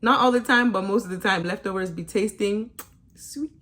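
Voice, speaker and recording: A woman's voice: mid-range voice, moderate pace, bright, forceful tone. A woman recapping a reality show in a casual, opinionated way, teasing and laughing often and mimicking people in sarcastic asides. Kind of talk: casual episode review.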